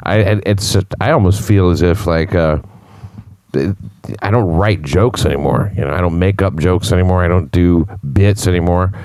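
A male stand-up comedian chatting as a podcast guest, dry and laid-back, with halting restarts. His voice is very deep. The recording is dry and close. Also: a little mellow, no room sound. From United States. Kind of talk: casual chat.

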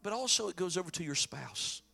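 A man's voice: sits high, big pitch swings, a little fast, gravelly, faint music behind. A man preaching a sermon in a folksy way and then praying aloud. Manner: folksy preaching, shifts into loud prayer. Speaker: pastor.

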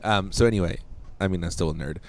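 A man's voice: deep voice, quick pace, a little hiss or hum. A man co-hosting a podcast, telling rambling stories in casual chat and laughing often. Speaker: podcast co-host.

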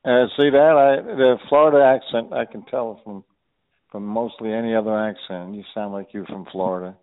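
A man's voice: on the low side, fairly even intonation, moderate pace, clear, resonant tone, phone-quality sound. A man calling into a show, insistent and boastful as he repeats his claims. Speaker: caller.

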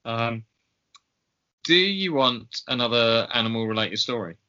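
A man co-hosts a podcast, chatting casually and hesitantly with lots of ums along the way. His voice has a bright, sharp edge. The sound is slightly dull and lo-fi. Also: medium pitch, expressive, measured pace. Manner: chatty and hesitant, with many ums and frequent laughs. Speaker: podcast co-host. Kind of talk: casual chat.

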